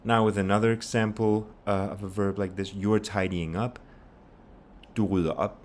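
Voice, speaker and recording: A man teaching a pronunciation lesson, patiently explaining and repeating example phrases slowly. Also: lowish voice, flat delivery, a little hiss or hum. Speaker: language teacher.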